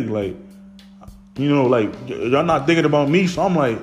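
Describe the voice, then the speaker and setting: A man's voice: medium pitch, expressive, fairly quick, faint music behind. A young man casually recounting a family story from his childhood, rambling with many fillers and restarts.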